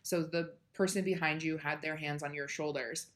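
A young woman telling a story in casual chat, animated and peppered with swearing. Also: sits low, normal speed.

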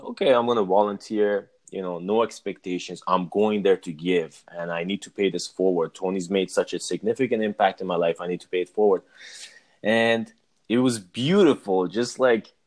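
Animated man telling a story. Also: on the low side. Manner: animated, acts out his own past reactions. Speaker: guest, musician. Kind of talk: casual storytelling interview.

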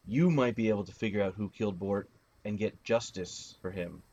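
A man voicing a grieving, earnest woman who works for a merchant, speaking with steady, heartfelt pleading in a tabletop game. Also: fairly low pitch, normal speed, a little hiss or hum, lightly acted.

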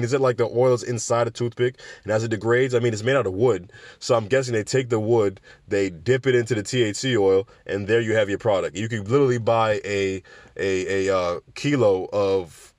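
A man giving casual, sarcastic commentary on cannabis news, animated and often acting out other people's voices. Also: mid-range voice, no room sound.

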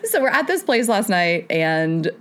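A woman's voice: on the low side, unhurried. A woman co-hosting a podcast in casual chat, telling a story with lots of laughter. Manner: animated storyteller, laughing often. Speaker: podcast co-host.

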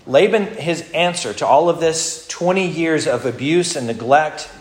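Male pastor, expository sermon, slightly high voice, conversational, roomy echo. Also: unhurried. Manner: conversational teaching, with repeated restarts. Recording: roomy hall echo, faint noise.

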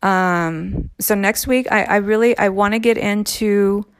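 A woman speaks slowly at a middle pitch, telling a personal story in a loose, conversational way. She sighs and trails off between thoughts and takes her time with each phrase. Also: steady tone, clear, resonant tone, no echo. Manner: slow, unhurried, with sighs and trailing pauses.

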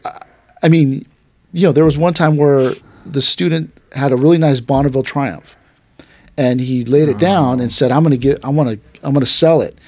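A man's voice: medium pitch, moderate pace, no echo. A man who teaches at a martial arts dojo, telling stories casually on a podcast and acting out the voices of his teacher and students. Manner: animated, acts out quotes of his teacher and students. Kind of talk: casual storytelling chat.

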